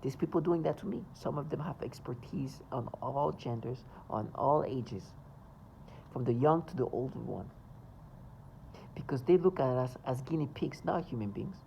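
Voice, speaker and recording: Man, mid pitch, gravelly edge. Agitated, insistent vlog monologue with a faint hum behind. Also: expressive, moderate pace, a little mellow, rough recording. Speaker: vlogger. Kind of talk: emphatic monologue to camera.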